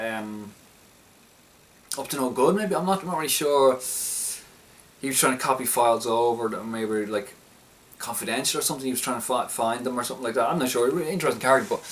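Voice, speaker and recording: A man's voice: medium pitch, a bit bright. A young man casually recapping a film he liked, rambling and often restarting his sentences with enthusiasm. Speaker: film reviewer. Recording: slightly distant mic, faint background noise.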